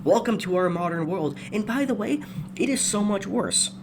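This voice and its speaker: A man's voice: sits high, expressive, normal speed, background noise. A man hosting a ranting video commentary, angry, sarcastic and profane. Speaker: commentary host.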